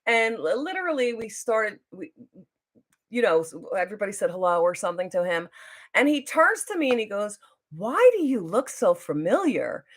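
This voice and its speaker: A woman's voice: mid-range voice, very animated, brisk, a bit bright. A middle-aged woman telling a long story on her live stream, rambling and chatty, with lots of fillers and restarts. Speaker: YouTuber hosting a live stream.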